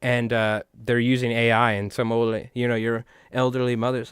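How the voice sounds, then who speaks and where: A man's voice: medium pitch, level tone, brisk, hardly any pauses, clear, resonant tone, dry recording, studio quality. Chatty New York man tying flies. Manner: rambling, joking, chatty with viewers. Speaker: fly tying channel host. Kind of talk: casual livestream chat while tying flies.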